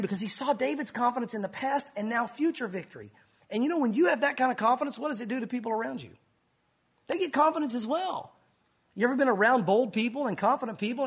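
A man preaching a sermon in an animated way, acting out scenes and speaking directly to his congregation. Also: very high voice, slightly rough. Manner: animated, acts out bible scenes with sound effects. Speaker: pastor.

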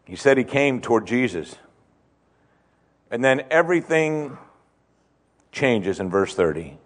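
A man preaching a sermon, swinging between loud emphasis and hushed tones and repeating phrases for effect. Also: mid-range voice, very animated, measured pace. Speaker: pastor.

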